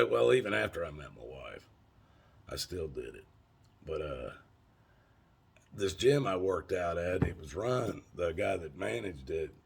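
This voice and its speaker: Gravelly deep-voiced storyteller man. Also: fairly bright tone. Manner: rambling, folksy and profane, lots of fillers. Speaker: vlogger. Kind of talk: casual storytelling.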